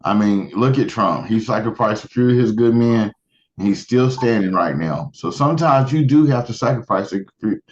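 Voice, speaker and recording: A man co-hosting a casual podcast chat, making offhand, deadpan asides. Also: on the low side, moderate pace. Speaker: podcast co-host. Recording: slightly dull lo-fi mic.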